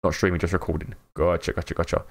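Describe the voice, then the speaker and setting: A man's voice: low-pitched, flat delivery, fast talker. An English man live-streaming a game, chatting in an upbeat way with viewers, greeting them by name and laughing often. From England. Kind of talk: casual live-stream chat while gaming.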